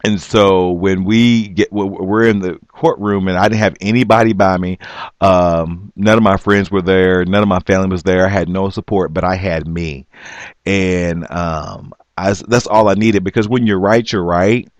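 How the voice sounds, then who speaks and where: A man earnestly telling his own story on a vlog, halting and restarting often but emphatic. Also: deep voice, steady tone, no echo. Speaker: vlogger. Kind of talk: personal storytelling.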